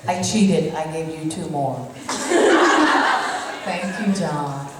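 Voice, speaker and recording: A playful woman answering fans at a convention, loud and prone to giggling. Her voice booms around a big echoey hall, picked up from a distance. A steady hum runs underneath. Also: slow pace, over a noisy crowd. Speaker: actress on a fan convention panel. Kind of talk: casual panel Q&A. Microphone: handheld mic recorded by far audience camera. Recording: echoey hall recorded from far off.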